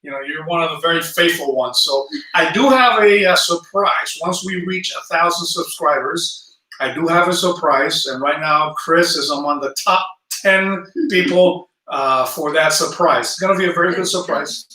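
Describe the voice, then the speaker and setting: A man's voice: fairly high pitch, moderate pace, sharp tone, reverberant, recorded from a distance, poor audio. A man with a South Jersey accent hosting a casual travel livestream, chatty and friendly, greeting viewers and reading their comments. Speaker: travel channel host. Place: indoor room at home.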